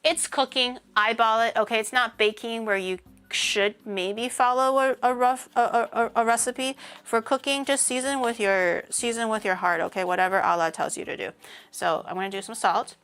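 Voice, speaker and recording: A woman streamer chatting casually while she cooks, rambling and breaking into animated mock-outraged rants. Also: fairly high pitch, moderate pace, clean tone. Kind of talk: casual livestream chat while cooking.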